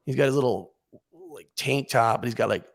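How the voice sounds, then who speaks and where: A man as a podcast guest, telling a comic story in a casual, animated way, acting out what he and others said. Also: mid-range voice, fairly quick, gravelly.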